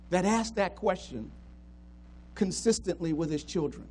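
A man preaching a sermon as a pastor, swinging from hushed tenderness to loud pleading questions. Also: sits high, animated, measured pace, pauses often, a little hiss or hum.

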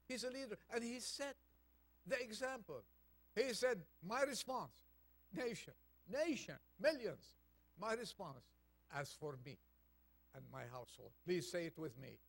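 Slow gravelly preacher guy, a bit high, goes quiet on the poem then gets fired up. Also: no room sound. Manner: reads a poem aloud softly, then preaches with rising intensity. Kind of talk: Thanksgiving sermon.

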